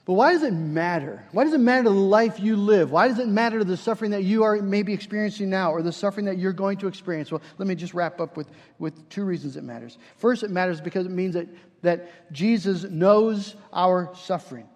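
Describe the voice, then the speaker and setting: High-voiced preacher in an echoing hall. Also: male voice, a little fast, darkish tone. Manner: earnest, rising to fervent emphasis with repeated restarts. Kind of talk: sermon.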